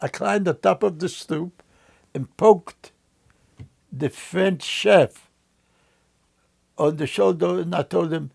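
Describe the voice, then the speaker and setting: An older man recounting memories in an interview, telling his story in a slow, halting way with frequent restarts. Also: sits high, creaky, a little mellow.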